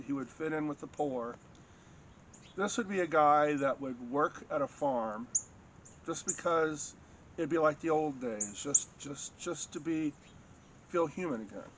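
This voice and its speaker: A man casually telling a long personal anecdote in a rambling, halting way, full of restarts and fillers. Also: fairly high pitch, fairly bright tone, a little hiss or hum. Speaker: storyteller recounting a personal encounter. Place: home in a rural farming area.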